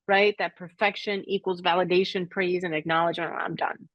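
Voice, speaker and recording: A woman's voice: lowish voice, flat delivery, no echo, lo-fi sound. Reflective woman, dry close sound. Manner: reflective, halting, tearful at moments. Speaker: podcast guest. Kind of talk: emotional personal storytelling.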